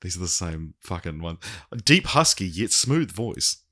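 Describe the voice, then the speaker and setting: A man co-hosting a casual podcast, reading out quiz clues slowly and laughing often. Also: low voice, sing-song, sharp tone. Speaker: podcast co-host, quizmaster.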